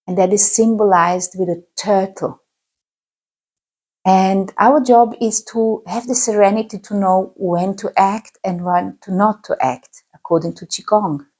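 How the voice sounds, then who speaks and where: A woman teaching a qigong class, calmly guiding movements and breathing. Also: medium pitch. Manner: calm, guiding instructions. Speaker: qigong instructor.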